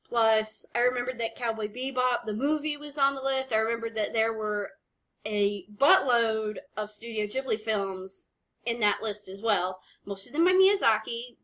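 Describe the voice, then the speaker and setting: A woman hosting an anime reaction video, chatting casually and rambling as she pauses to comment. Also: fairly high pitch, fairly bright tone.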